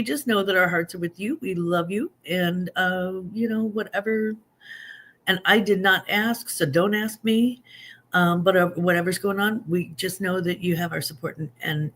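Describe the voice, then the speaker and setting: A woman's voice: lowish voice, a bit bright. A woman in her fifties hosting a casual livestream, chatting, joking at her own expense and answering viewer comments as she reads them aloud. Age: 50s. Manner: self-deprecating and joking. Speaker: livestream host. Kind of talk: casual live chat.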